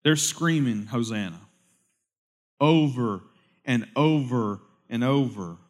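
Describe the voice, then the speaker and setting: A man preaching a sermon in a conversational way, swinging between loud, lively bursts and hushed, solemn stretches. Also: mid-range voice, moderate pace. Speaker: pastor.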